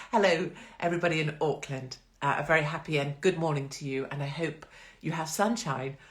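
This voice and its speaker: Woman, middle-aged, low voice; chatty live-stream host, sarcastic, frequent laughter. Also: moderate pace. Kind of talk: casual live-stream chat.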